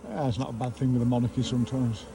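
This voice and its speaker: A man's voice: medium pitch, fairly even intonation, very fast, vocal fry, heavy background noise. A man with a Black Country accent, chatting and joking while removing bees. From Black Country, England. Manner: jokey, banters with slang. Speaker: bee removal worker. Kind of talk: casual chat while working.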